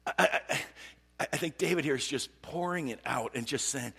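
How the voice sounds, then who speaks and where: Preacher, male, husky voice, lively and repetitive delivery, heard with a long reverb. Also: mid-range voice, moderate pace. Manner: animated, repeats words, swings from loud to hushed. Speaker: pastor. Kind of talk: sermon.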